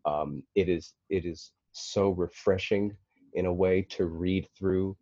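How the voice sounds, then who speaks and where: A man's voice: sits low, fairly even intonation, takes it slowly, warm tone, no echo, highs cut off. A man talking as a podcast guest in casual conversation, rambling with many fillers and restarts.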